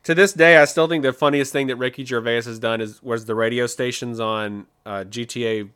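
Relaxed, chatty male podcast co-host. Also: mid-range voice, fairly quick, clean tone. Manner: relaxed, chatty, with restarts and fillers. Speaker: podcast co-host reviewing movie trailers. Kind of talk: casual chat.

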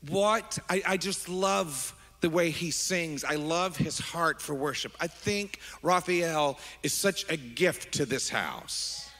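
A middle-aged man preaching as a pastor, animated and affectionate, wandering into asides with his congregation. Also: on the high side, slow pace, hardly any pauses. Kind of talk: sermon. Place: large church sanctuary. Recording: long hall reverb.

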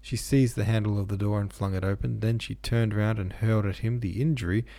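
A man reading a classic novel aloud as audiobook narrator, measured and expressive. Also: lowish voice, creaky, no room sound.

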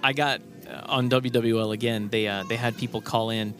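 A man guesting on a podcast, speaking at an ordinary middle pitch. He rambles through his stories and hesitates often, filling the gaps with "uh" and "um". He keeps it friendly and casual, with faint music playing behind him. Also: steady tone, a little fast, fairly bright tone. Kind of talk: casual chat.

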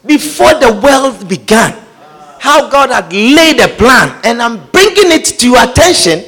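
Pastor, male, high and very animated delivery, acts out quotes mid-sermon. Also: a little slow. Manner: animated preaching, acts out scripture quotes and scenes, laughs often.

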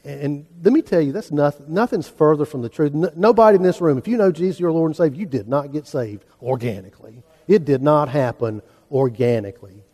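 A man's voice: on the high side, lively intonation, a little fast, hardly any pauses, dark tone. A middle-aged man, preaching a sermon in an earnest, folksy storytelling manner. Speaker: pastor. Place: church sanctuary. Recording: preacher in a large reverberant church.

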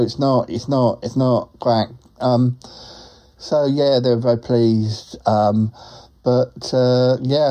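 A man's voice: medium pitch, dark tone, close to an everyday voice. A man voicing a chatty, lonely male talking duck who rambles and drops quacks into his speech. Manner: rambling, drops in quacks, laughs at own jokes. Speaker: show regular. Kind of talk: comic character monologue.

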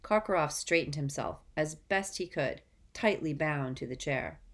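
A woman narrates a storybook aloud in a measured, even manner. Her voice sits low. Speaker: audiobook reader.

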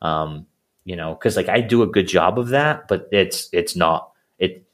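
Low-voiced man rambling with fillers. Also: a little slow, a bit bright. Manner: rambling, many fillers and restarts. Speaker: coaching client. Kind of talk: casual conversation.

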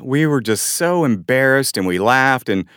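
A man co-hosting a podcast, telling a funny story in a casual, animated way. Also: normal speed, smooth, dry recording, clean studio sound. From Arkansas, US. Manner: animated storyteller, voices his friends with a jump in pitch. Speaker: podcast co-host.

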